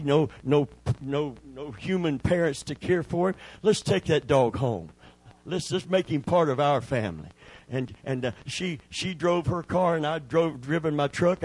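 A man's voice: no room sound, low-quality recording. A man preaching a sermon as a pastor, telling folksy stories, calling for amens and swelling into emphatic peaks. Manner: preaching with sudden swells in pitch and loudness; folksy storytelling with calls for amen.

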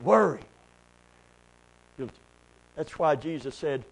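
A middle-aged preacher man with a high voice delivers a sermon. He surges into loud, soaring lines, then drops into low, quiet asides to the congregation. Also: normal speed, rough recording. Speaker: pastor.

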